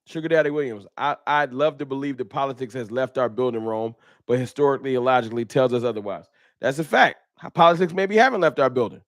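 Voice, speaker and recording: Hosting a casual fan talk livestream, a man argues his points fast and emphatically into a close mic. His medium-pitched voice comes across animated and slangy, he repeats himself, and the recording is dry.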